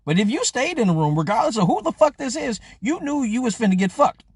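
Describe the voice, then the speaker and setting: High, animated, profane man. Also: fast, husky, dry recording. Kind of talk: casual live-stream chat.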